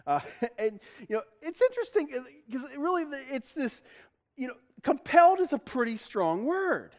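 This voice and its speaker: A male pastor with a high voice gives a chatty, self-deprecating sermon. He laughs often, restarts his sentences, and talks easily to the congregation. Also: sing-song, normal speed, a little mellow.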